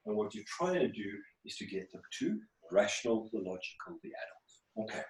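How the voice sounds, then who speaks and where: A man's voice: medium pitch, big pitch swings, moderate pace, a little mellow. A man teaching communication skills in an online class, often checking in with his listeners through rhetorical questions. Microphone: video call. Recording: echoey room over a video call.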